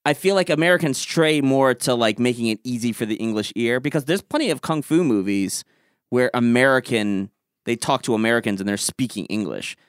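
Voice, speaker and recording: A man's voice: mid-range voice, expressive, a little fast, clean tone, no echo, clean studio sound. A man discussing movies on a casual podcast, reasoning through a counterpoint. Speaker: podcast co-host.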